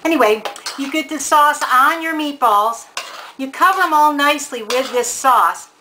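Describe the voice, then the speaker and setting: A woman's voice: high-pitched, animated, moderate pace, noisy background. A woman giving a casual cooking demonstration in a home kitchen, chatty and homey, talking straight to the viewer. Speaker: home cook presenting a recipe.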